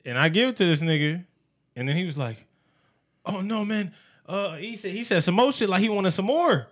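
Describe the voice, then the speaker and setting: A young man spins a casual podcast story, his voice swinging up high when he acts out what others said. He laughs often and keeps an easy, loose delivery throughout. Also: animated, fairly quick.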